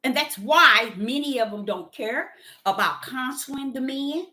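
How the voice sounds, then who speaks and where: Woman preaching hard, high bright voice jumping all over, repeats herself in rhythm. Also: animated, unhurried. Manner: fervent, rhythmic and repetitive, swings between loud and soft. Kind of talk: impassioned preaching monologue.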